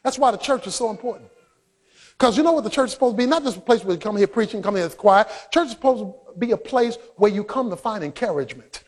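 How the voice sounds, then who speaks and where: A man preaching a sermon, swinging between loud shouted passages and quiet, low asides. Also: expressive, fast talker. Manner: preaching, rising to shouts then dropping low. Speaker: pastor. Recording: long hall reverb.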